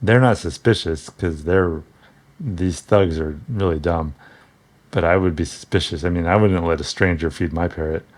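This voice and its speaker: A man's voice: sits low, moderate pace. A man casually talking through an old comic book, rambling and wry, with frequent restarts and asides.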